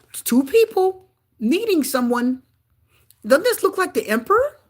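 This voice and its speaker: A woman giving a live tarot reading to her viewers, talking in an excitable way with frequent exclamations. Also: extremely high pitch, a little slow, pauses often, a little hiss or hum. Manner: excitable, gasping and exclaiming at cards. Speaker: tarot reader.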